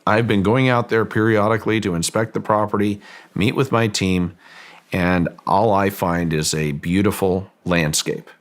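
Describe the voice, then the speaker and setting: A man as an interview guest, recounting a story in a measured, deliberate way with frequent restarts. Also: fairly low pitch, steady tone. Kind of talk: storytelling in a long-form interview.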